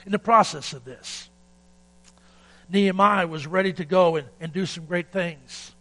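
Bright-voiced folksy preacher, man. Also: sits high, measured pace, low-quality recording. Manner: folksy storytelling preacher who builds to shouting climaxes; calls for amen from the congregation. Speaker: pastor. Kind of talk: sermon.

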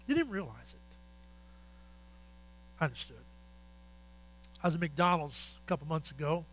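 An older man, a pastor, telling folksy stories in a sermon with animated, repetitive phrasing. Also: a little high, moderate pace, long pauses, slight background noise, rough recording. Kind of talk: sermon storytelling.

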